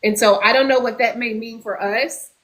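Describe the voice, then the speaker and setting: Woman host on a video call, kinda high voice, explains stuff casual, says y'all a lot. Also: steady tone, moderate pace, fairly bright tone, poor audio. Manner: chatty, lecturing, says y'all. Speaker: book discussion host. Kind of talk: casual literary discussion.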